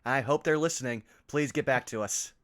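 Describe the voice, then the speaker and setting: A man's voice: mid-range voice, brisk. A man chatting casually and jokingly on a game stream, running the game as game master. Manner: joking, animated.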